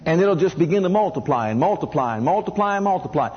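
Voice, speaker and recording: A man's voice: on the high side, animated, fast talker, slightly rough, muffled recording. A man preaching a sermon who keeps asking the congregation questions and has them repeat lines back to him.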